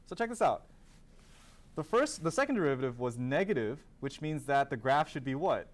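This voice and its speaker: A man's voice: mid-range voice, big pitch swings, moderate pace. A man teaching a calculus class, asking students questions, then answering them himself and repeating key terms. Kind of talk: classroom lecture.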